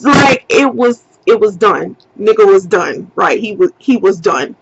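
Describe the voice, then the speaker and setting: A woman telling a personal story to her camera in a storytime vlog, profane and animated, acting out her own shouting. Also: fairly high pitch, unhurried, creaky, very noisy. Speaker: vlogger. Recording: dull lo-fi sound.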